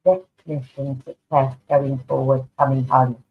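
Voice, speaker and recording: A woman's voice: rumbling low, flat delivery, measured pace. Tinny-sounding chatty woman. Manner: affectionate, chatty, calls people darling. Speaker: tarot card reader. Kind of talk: live online card reading. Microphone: online video stream. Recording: tinny phone-like online audio.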